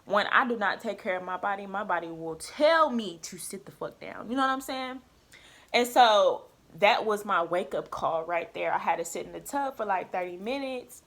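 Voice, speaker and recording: Girl vlogging about nursing school, casual and blunt, cusses a lot, talks fast when she gets going. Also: mid-range voice. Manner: candid, profane, animated retelling. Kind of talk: casual storytelling chat.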